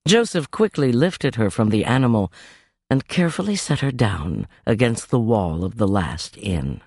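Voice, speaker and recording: A man narrating a scripted story in an expressive, measured way. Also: medium pitch, dry recording, clean studio sound.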